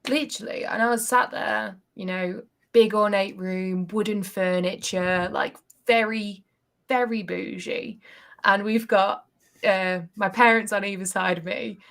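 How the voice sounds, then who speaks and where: A woman's voice: mid-range voice, a little slow, gravelly. British woman telling her story. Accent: British English. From England. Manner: animated storyteller, acts out quotes. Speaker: interview guest. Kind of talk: casual storytelling in an interview.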